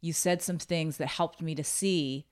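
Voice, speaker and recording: Soft-spoken, low-voiced woman. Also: fairly even intonation, clean tone. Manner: measured and gentle, with hedging fillers. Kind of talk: calm conversational reply.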